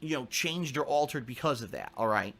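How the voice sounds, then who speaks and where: A man's voice: mid-range voice, expressive, fairly quick, a bit bright. A man talking earnestly to his viewers in a monologue video, explaining his plans and repeating points for emphasis. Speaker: streamer addressing his viewers.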